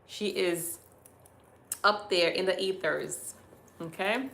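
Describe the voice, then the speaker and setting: Slow-talking woman from Haiti, livestream host. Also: fairly low pitch, vocal fry. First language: Haitian Creole. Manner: warm affectionate, addresses viewers as beautiful people. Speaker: hospice channel host. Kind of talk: livestream chat reading viewer comments.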